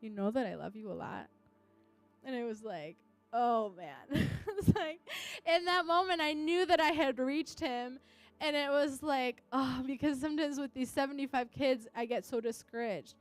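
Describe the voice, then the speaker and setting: Young woman, high-ish voice, heartfelt storytelling with soft music under it. Teacher sharing testimony. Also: moderate pace. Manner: earnest storytelling, acting out quotes. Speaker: English teacher. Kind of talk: personal testimony.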